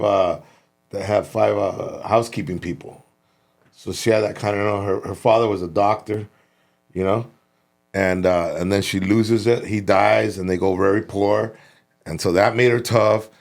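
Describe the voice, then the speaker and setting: A man from Los Angeles hosting a podcast, telling animated, profane stories in casual chat. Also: on the low side, moderate pace, creaky. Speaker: podcast host.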